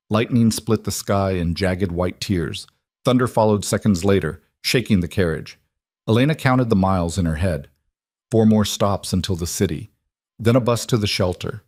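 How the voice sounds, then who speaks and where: A man reading a dramatic story as narrator in an even, measured way. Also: lowish voice, no room sound, clean studio sound. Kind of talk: scripted narration.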